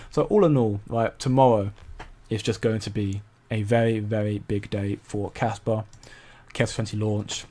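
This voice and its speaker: A young man with a lowish, slightly dark voice hosts a casual crypto commentary stream. He rambles through viewer comments, stumbling often and repeating words.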